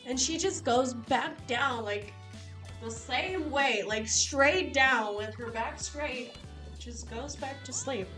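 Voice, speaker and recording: A young woman chatting casually with live viewers, telling stories with animated, loose delivery and casual swearing. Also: sits high, slow pace, soft background music. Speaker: casino streamer.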